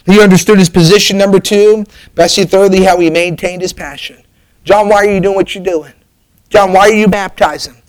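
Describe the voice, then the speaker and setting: A man's voice: sits high, steady tone, fairly quick, poor audio. A man preaching a sermon, telling a story with an emphatic, rising and falling preaching cadence.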